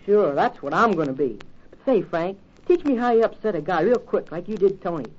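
A woman's voice: medium pitch, expressive, fairly quick, a little mellow, natural voice. A woman playing an eager, teasing young boy who gossips, in 1940s radio acting. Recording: dull old radio recording with faint hiss.

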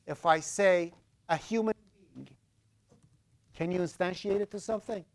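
A man's voice: high-pitched, normal speed, pauses often. A man with an Iranian accent lecturing a university class, explaining ideas through everyday examples and often asking whether students follow.

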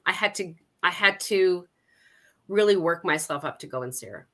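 A woman's voice: on the low side, lively intonation, moderate pace, crowd noise. Candid middle-aged woman telling her story. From Canada. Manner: candid, personal storytelling with frequent self-corrections. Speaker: guest, Alzheimer's support coordinator. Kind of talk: conversational interview.

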